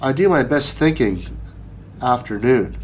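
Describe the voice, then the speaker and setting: A man's voice: medium pitch, expressive, measured pace, slight background noise, lightly acted. Shrewd, leisurely small-town judge for a storybook, read by a man. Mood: wry. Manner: leisurely and wry.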